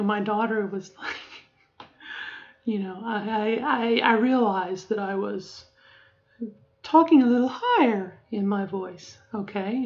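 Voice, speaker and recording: A woman's voice: mid-range voice, darkish tone. Reflective middle-aged woman, rambling. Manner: rambling, reflective, many fillers and restarts. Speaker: vlogger. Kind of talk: casual personal video diary. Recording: dull lo-fi audio.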